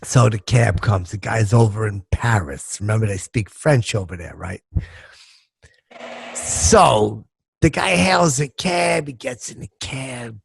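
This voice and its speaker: A man's voice: medium pitch, lively intonation, slow, no room sound. A middle-aged man hosting a comedy podcast, telling a long rambling joke in a crude manner and losing his place. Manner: gravelly, crude, loses track of jokes. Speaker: podcast host.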